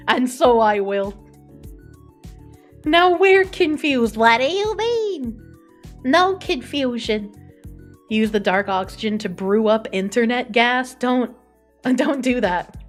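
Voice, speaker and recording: A young adult woman streaming, chatting casually, reading an article aloud and swearing freely as she reacts to chat. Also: fairly high pitch. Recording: faint music behind.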